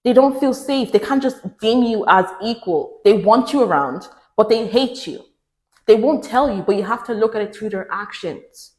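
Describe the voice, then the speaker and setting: A woman with a fairly high voice talks straight to the camera, giving advice in an emphatic, preachy way. She hammers her points home by repeating short lines. Her voice rings a little in an echoey room. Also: lively intonation, moderate pace, darkish tone. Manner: mimics others in raised pitch. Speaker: relationship advice vlogger. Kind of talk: direct-to-camera advice talk.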